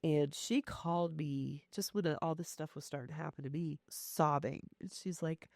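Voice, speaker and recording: A woman with a low, gravelly voice, a ghost hunter guesting on a podcast. She recounts her experience plainly, often quoting what others told her. The recording is dry and close. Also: moderate pace, a little mellow, no echo. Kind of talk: casual chat, storytelling.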